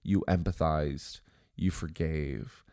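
A man's voice: a bass voice, steady tone, takes it slowly, warm tone, no room sound, clean studio sound. A man co-hosting a casual faith-based marriage podcast, with a congested, nasal voice from allergies. He sounds earnest and often repeats words as he starts a sentence. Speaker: co-host.

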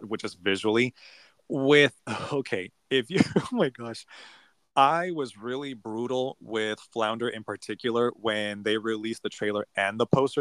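A man's voice: medium pitch, no echo. A man co-hosting a podcast in casual chat, enthusiastic and full of affirming reactions. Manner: enthusiastic, warm reactions, lots of affirming murmurs. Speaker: podcast co-host.

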